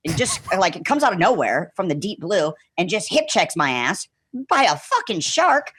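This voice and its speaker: A man telling a story as a podcast guest in a casual, animated way, filling his speech with "like" and acting out what people said. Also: high-pitched, brisk, husky. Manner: animated, full of "like" and acted-out quotes.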